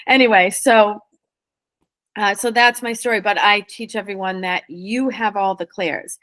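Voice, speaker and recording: Guest woman, medium-pitched, quick and animated explanations, dry close recording. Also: no echo. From New England. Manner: lively, fast-flowing explanations. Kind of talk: casual interview talk.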